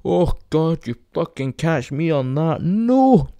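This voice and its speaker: A man's voice: on the high side, sing-song, takes it slowly, dark tone, no echo, pitched above the performer's own voice, exaggerated voice. A man doing a blustering dad. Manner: emphatic, laughing refusals. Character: blustering older dad refusing theme park rides.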